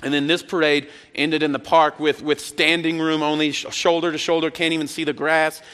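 A man preaching a sermon as a pastor, swinging between hushed moments and loud, shouted retellings. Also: fairly high pitch, flat delivery, a little fast, clean tone. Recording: long hall reverb.

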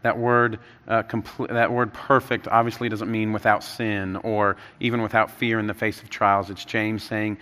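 A man in his thirties preaching a sermon, telling stories with animated rises and dropping soft and low for earnest points. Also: moderate pace, few pauses, big-room sound. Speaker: pastor.

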